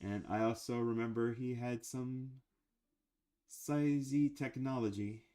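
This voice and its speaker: A man's voice: medium pitch, steady tone, slow pace, dark tone, smooth. A man talking casually about cartoons in a rambling, chatty way with frequent fillers. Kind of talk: casual chat.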